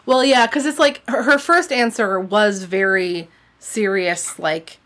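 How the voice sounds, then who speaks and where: A woman's voice: mid-range voice, unhurried, fairly bright tone. A woman co-hosting a casual book discussion, chatty and fond of the word "like". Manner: chatty, with frequent "like" and laughs. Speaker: podcast co-host.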